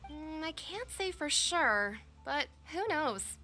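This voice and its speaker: A thrifty game blacksmith, bright and high, soft music under. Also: female voice, big pitch swings, takes it slowly, full character voice. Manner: pleasant, explanatory, matter-of-fact. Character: friendly, thrifty female blacksmith shopkeeper.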